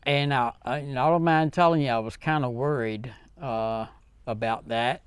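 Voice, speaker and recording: A man hosting his own vlog, talking earnestly and heartfelt to viewers in a halting way, with many fillers and restarts. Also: mid-range voice, clean tone, no room sound. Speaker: channel host. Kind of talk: casual vlog talk to viewers.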